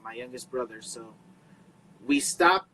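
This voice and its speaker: A man's voice: mid-range voice, unhurried, pushed and bright, a little hiss or hum, rough recording. A young man hosting a casual podcast, laid-back and slangy, swearing in passing. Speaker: podcast host.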